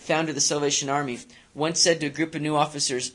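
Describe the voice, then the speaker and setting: A man's voice: on the high side, fairly even intonation, fast talker, fairly bright tone, slight background noise. A male pastor preaching a sermon in a conversational way, with frequent fillers and repeated words.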